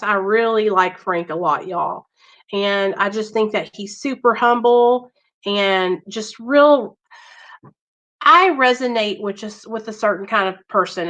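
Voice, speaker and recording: Bright-voiced woman chatting on stream. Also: medium pitch, low-quality recording. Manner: talks straight to viewers, reads chat names, earnest and emphatic. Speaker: livestream host. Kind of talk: casual livestream chat with viewers.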